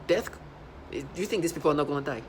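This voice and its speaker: A man delivering an agitated, repetitive monologue for a video, swinging between low muttering and loud outbursts. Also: fast talker, slight background noise. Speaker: vlogger.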